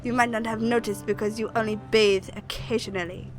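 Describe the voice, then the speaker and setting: A woman voicing a sharp-tongued village witch who speaks in a dry, scornful way. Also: fairly high pitch, fairly even intonation, a little fast, over music, close to an everyday voice.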